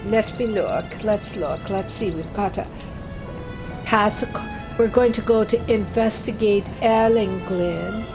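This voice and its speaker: A woman voices a wood elf character in a game, drifting through a meandering tale with a gravelly, slow delivery. Game music plays clearly under her words. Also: medium pitch, low-quality recording. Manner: rambling storytelling, trails off and restarts. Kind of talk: in-character game role-play.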